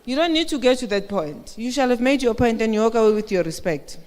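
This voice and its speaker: A woman's voice: fairly high pitch, animated, fast talker, darkish tone. A woman giving a motivational talk at a women's conference, speaking conversationally and often asking the audience questions. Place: conference hall. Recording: echoey hall with long reverb.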